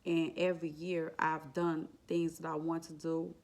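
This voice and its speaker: A woman's voice: sits low, flat delivery, a little slow, a little mellow. A woman vlogger telling an emotional, faith-filled personal story in a casual, repetitive way. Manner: exclaims and laughs while retelling. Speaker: vlogger sharing her exam story.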